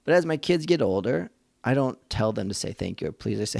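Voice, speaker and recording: A man's voice: mid-range voice, animated, fairly quick, vocal fry, darkish tone, no echo. A man hosting a faith-based parenting podcast, talking earnestly in a conversational, thinking-aloud way. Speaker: podcast host and father.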